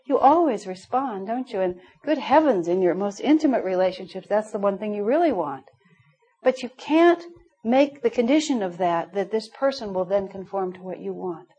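In a rough recording, a middle-aged woman with a medium-pitched, slightly rough voice teaches a spiritual class. She tells anecdotes warmly and laughs often as she goes.

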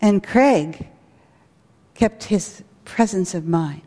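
A woman's voice: medium pitch, lively intonation, very slow, warm tone. A woman who directs a school, giving an earnest spiritual talk with stories. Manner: earnest, storytelling with acted quotes. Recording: long hall reverb.

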